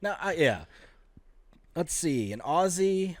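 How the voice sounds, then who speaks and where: A man's voice: fairly high pitch, big pitch swings, slow, no echo, clean studio sound. A man co-hosting a casual comedy podcast, reading odd news stories aloud and riffing on them with jokes. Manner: joking, reads news items aloud with asides. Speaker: podcast co-host.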